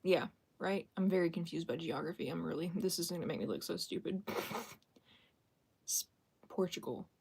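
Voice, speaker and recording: A woman's voice: lowish voice, moderate pace, gravelly, long pauses, a little mellow, husky. A young woman chatting casually on a live stream, self-deprecating and thanking viewers as she talks.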